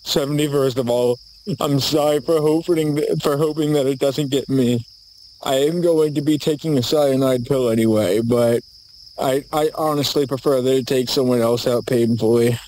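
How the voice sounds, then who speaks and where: A man's voice: medium pitch, steady tone, normal speed, dark tone, rough recording. A man delivering a mock apology monologue in a forest at night, rambling nervously, stammering and swearing as he talks into a handheld camera. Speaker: video creator. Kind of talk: mock apology monologue in a horror comedy short. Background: faint crickets and insects.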